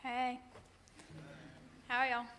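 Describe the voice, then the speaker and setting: Shaky, halting teenage girl. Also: fairly high pitch, monotone, pushed and bright. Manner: shaky and halting, many ums. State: emotional, shaky. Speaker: youth group member giving a testimony. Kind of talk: emotional church testimony. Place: church sanctuary.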